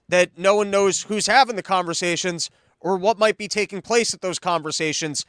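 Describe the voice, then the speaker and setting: Sarcastic high-voiced man. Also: fairly even intonation, normal speed, fairly bright tone, clean tone, no room sound. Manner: mocking, rambling, sarcastic asides. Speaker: podcast host. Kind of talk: sarcastic political commentary.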